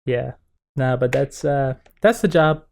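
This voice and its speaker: A young man co-hosting a podcast tells an animated story in easygoing chat, acting out what others said and laughing frequently. His mid-range voice carries vocal fry and moves at a measured pace.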